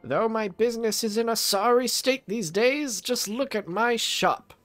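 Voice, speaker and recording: A man's voice: very high-pitched, unhurried, a bit bright, soft background music, pitched above the performer's own voice. A man voicing an elderly miserly cartoon duck tycoon, reading the game's lines aloud in a mock-grand voice.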